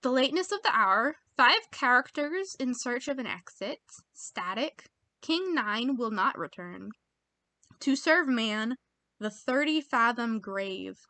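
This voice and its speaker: Giggly American woman, slow and bright. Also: a little high, animated, dry recording. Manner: giggly, self-mocking, muttering while reading options. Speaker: video creator taking online quizzes. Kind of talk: casual chat reading quiz questions aloud.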